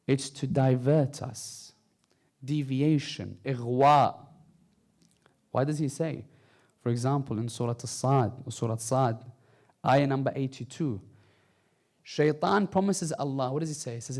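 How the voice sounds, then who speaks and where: Gravelly man preaching with rising fervor. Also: mid-range voice, measured pace, a little mellow. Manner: impassioned, rising and falling delivery with Arabic recitation. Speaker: speaker. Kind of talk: sermon. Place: mosque hall.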